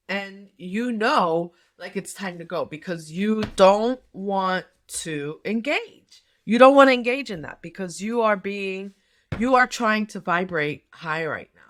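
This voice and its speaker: A woman's voice: mid-range voice, fairly bright tone. A middle-aged woman doing a tarot reading, talking casually in a rambling way with many fillers and restarts. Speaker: tarot reader and nurse health coach.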